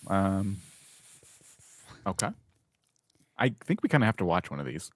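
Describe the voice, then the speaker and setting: A man's voice: sits low, big pitch swings, measured pace, long pauses, dry recording. A man co-hosting a live YouTube channel review, chatty and candidly critical. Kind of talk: live stream review chat.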